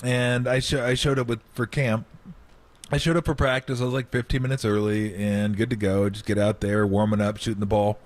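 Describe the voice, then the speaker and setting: A man's voice: lowish voice, fairly quick, no echo. A middle-aged man, a former player, telling stories on a sports radio show and acting out the quotes. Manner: animated storyteller, acts out quotes, laughs often. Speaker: former basketball player guest. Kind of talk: radio sports talk storytelling.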